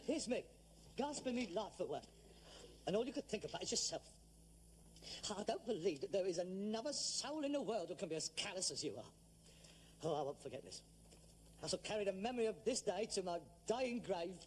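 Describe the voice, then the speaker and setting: An actor playing a frustrated grown son who believes he is gravely ill, talking in an exasperated, theatrical, self-dramatising way, in 1960s television sitcom acting. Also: high voice, sing-song, a little fast, long pauses, slight background noise. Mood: aggrieved.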